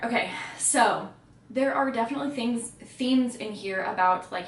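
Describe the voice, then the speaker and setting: A woman's voice: mid-range voice, echoey room, recorded from a distance, a little hiss or hum. A woman giving an emotional, chatty book review in a casual vlog.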